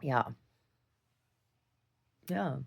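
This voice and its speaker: A woman telling a long story in a casual video diary, rambling, restarting her sentences and laughing often as she talks. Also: very slow. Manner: laughs often while talking. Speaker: video diarist.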